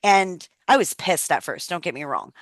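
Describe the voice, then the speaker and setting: A woman's voice: on the low side, big pitch swings, normal speed, dry recording. A woman in her thirties leading a wellness workshop on a video call, telling personal stories in a chatty, candid way and swearing freely.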